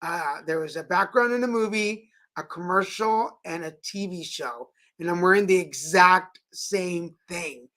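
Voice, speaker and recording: A man's voice: high-pitched, a little slow, few pauses. A man hosting a live stream, chatting casually and telling playful stories. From Texas. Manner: animated, playful storyteller. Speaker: host.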